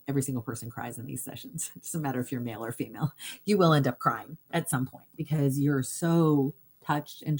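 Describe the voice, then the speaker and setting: A woman's voice: low voice, a little mellow, breathy edge. A woman hypnotherapist hosting a casual live talk, speaking earnestly and straight to her viewers, with easy laughs between thoughts. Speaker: hypnotherapist and livestream host.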